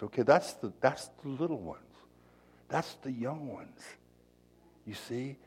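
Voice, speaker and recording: A man's voice: fairly low pitch, animated, normal speed, darkish tone, slightly rough. A male pastor giving a conversational sermon in a folksy, chatty way, full of asides and rhetorical questions.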